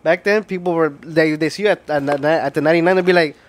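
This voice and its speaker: A man's voice: a little high, fast. A young man co-hosting a podcast, joking and swearing in casual chat and asking questions. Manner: joking, profane, asks questions. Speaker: podcast co-host.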